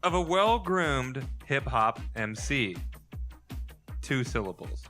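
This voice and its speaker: A man hosting a live pub quiz reads out his clues slowly and repeats each one. His voice is bright and rises and falls a lot. Soft music plays behind him. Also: mid-range voice, expressive. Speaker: quiz host. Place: pub stage with live audience.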